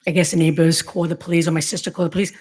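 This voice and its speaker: Middle-aged woman giving halting, emotional testimony. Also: fairly low pitch, flat delivery, darkish tone, slightly rough. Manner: emotional, halting retelling with many restarts. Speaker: survivor giving a talk to law enforcement. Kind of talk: personal testimony speech.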